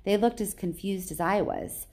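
A woman teacher reading a novel aloud in plain, even storytelling with small slips. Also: mid-range voice, moderate pace.

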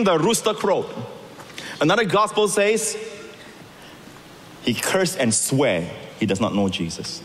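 A man preaching a sermon, acting out the scripture voices and moving between loud calls and soft, quiet lines. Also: high voice, very animated, measured pace, pauses often, big-room sound. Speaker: pastor.

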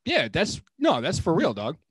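A man with a notably high voice argues playfully with his co-host and swears casually. He pushes his points with a joking edge. The recording is dry and close, with no room sound. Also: wildly swooping pitch, moderate pace, slightly rough, no room sound. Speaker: podcast co-host. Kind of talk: casual chat.

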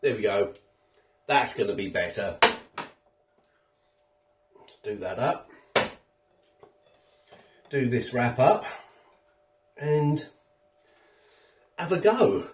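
A man's voice: mid-range voice, lively intonation, very slow, pauses often, echoey room, far from the mic. A man with a chatty, rambling manner, reviewing food on his home vlog while he eats. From England. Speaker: food vlogger. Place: home kitchen.

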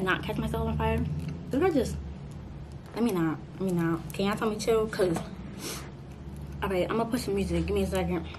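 An eighteen-year-old woman chats playfully to her viewers at home, her voice sitting in the middle of the range. A steady hiss of background noise runs under the recording. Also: medium pitch. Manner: chatty, playful, talks straight to viewers. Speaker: vlogger. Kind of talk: casual chat to camera.

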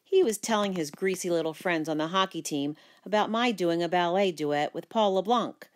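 A woman reading a children's book aloud, narrating in the first person with lively expression. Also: on the low side, moderate pace. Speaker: storyteller.

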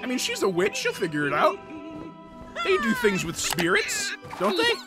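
A woman's voice: very high-pitched, huge pitch swings, moderate pace, full character voice. Pencilmate, frantic cartoon guy. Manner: exclamatory, rambling, bursts into shouts. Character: excitable male cartoon pencil character, chatty and dramatic. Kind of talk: animated cartoon reaction commentary. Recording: voice over loud background music.

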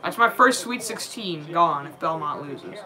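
A young man streaming a live reaction to a basketball game, excitable and prone to yelling at the plays, then apologizing. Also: on the high side, unhurried, music in the background. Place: home room, dog nearby.

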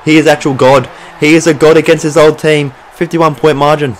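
A young Australian man giving excitable, sweary play-by-play commentary over a football video game he is playing. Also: fairly high pitch, brisk, slight background noise. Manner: mock sports commentator, swears freely when excited. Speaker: gaming channel host.

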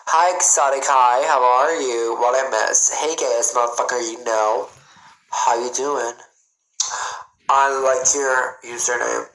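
A man on a casual livestream, chatting playfully and greeting his viewers. He talks slowly and at an easy, middling pitch. The sound carries a roomy echo from his phone at home. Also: steady tone, fairly bright tone, a little hiss or hum. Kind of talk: casual livestream chat reading comments.

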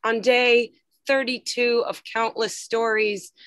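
A woman reading her own poetry aloud over a video call, slow, measured and quiet. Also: on the high side, flat delivery, dry recording.

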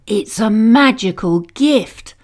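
Woman reading as a gentle, coaxing dad in a storybook. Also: on the high side, animated, slow pace. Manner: coaxing, soothing. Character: gentle, playful father of a small boy.

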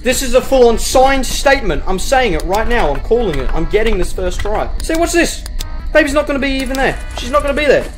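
A young adult, doing let's play commentary and trash-talking the game in crude, excitable bursts. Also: medium pitch, a little fast. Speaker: gaming channel host. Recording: game music playing loudly behind.

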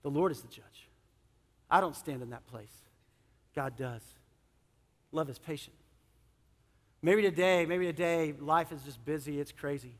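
A middle-aged male pastor preaching a sermon, animated, swinging between loud emphasis and soft, earnest moments. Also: a little high, unhurried, long pauses. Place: church sanctuary. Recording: long church hall reverb.

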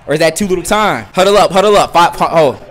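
A young man giving excited live commentary on a football video game, bursting into shouts with friends in the room. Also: fairly high pitch, fast talker. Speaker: gameplay commentator. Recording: loud music over the voice.

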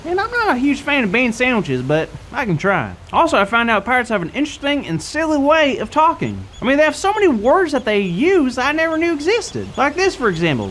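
A man's voice: extremely high pitch, a bit bright, a little hiss or hum. A man doing goofy wannabe pirate Carl. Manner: goofy, bouncy delivery with put-on pirate growls. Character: silly wannabe pirate named Carl, male, excitable and fire-fearing. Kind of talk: playful kids' ministry comedy bit.

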